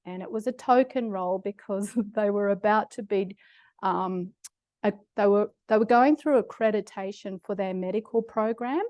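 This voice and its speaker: A woman's voice: mid-range voice, darkish tone, dry recording, clean studio sound. Australian woman telling stories in a lecture. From Australia (Queensland). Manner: humorous, self-deprecating storytelling with laughs. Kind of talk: public lecture with personal stories. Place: lecture hall.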